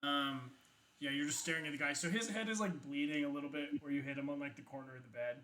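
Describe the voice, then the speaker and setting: A man's voice: fairly high pitch, quick pace, sharp tone. A man narrating as game master of a tabletop game, chatty, with many fillers and laughs.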